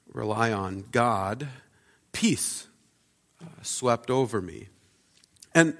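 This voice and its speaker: A man's voice: medium pitch, a bit bright. Man preaching with hall reverb. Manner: conversational, reflective, with frequent fillers. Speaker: pastor. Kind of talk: sermon. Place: church sanctuary. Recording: long reverb of a church hall.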